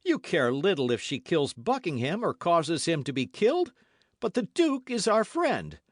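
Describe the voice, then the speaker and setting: A man doing a hot-headed young musketeer, raised high voice, excited outbursts, dry close sound. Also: normal speed, dry recording. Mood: urgent, indignant.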